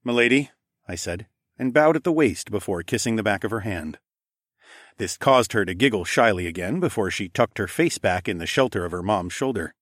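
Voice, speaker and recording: Male narrator, low voice, dry close recording, first-person fantasy audiobook, lively, swears casually. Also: a little fast, dry recording.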